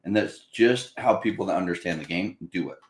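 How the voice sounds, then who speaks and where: A crypto channel host leads a casual chat about investing, animated and quick to mimic panicked buyers in a higher voice. The recording carries a roomy echo.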